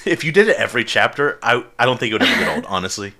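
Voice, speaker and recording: A man hosting a casual podcast chat, animated and quick to laugh. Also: mid-range voice. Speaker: podcast host.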